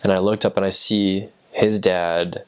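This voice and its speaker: A man's voice: deep voice, level tone, unhurried, clear, resonant tone. A young American man, a returned missionary, casually telling stories with lots of fillers and restarts. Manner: rambling, many fillers and restarts. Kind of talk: casual storytelling.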